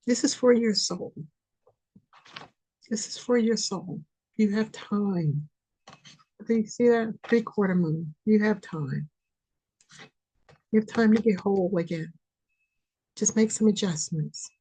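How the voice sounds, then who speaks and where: On her spiritual podcast, a woman delivers a fervent, repetitive, pleading reading that ranges from loud appeals to hushed near-whispers. Her mid-range voice has a breathy edge.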